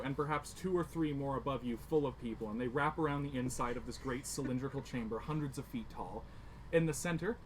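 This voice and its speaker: A man runs a tabletop game, describing the scene in a loose, casual way. His voice sits in an ordinary mid range. Steady background noise runs behind him. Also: mid-range voice, poor audio. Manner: casual, descriptive, many "like" fillers. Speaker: game master.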